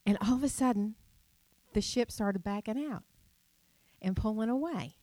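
A woman's voice: medium pitch, normal speed, dark tone. A middle-aged woman delivers a sermon in a chatty, storytelling way. She asks her listeners rhetorical questions. The sound is dry and close, with no room echo. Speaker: preacher.

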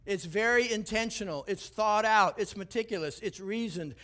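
A man preaching a sermon, telling a personal story with animated shifts between hushed, tense passages and rising emphasis. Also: moderate pace, few pauses. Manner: animated storytelling, drops low and quiet for tense moments, then rises and preaches. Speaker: pastor.

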